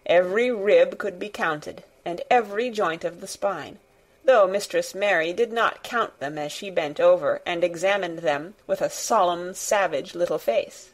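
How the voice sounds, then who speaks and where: A woman narrating a classic children's storybook in a measured, deliberate way. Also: lowish voice. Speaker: reader. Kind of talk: audiobook narration.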